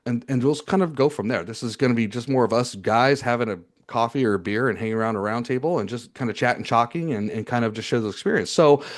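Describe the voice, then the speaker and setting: A man's voice: medium pitch, quick pace, few pauses. A man hosting a podcast, talking in a loose, casual way with lots of fillers and repeated words. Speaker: podcast host. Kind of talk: casual chat.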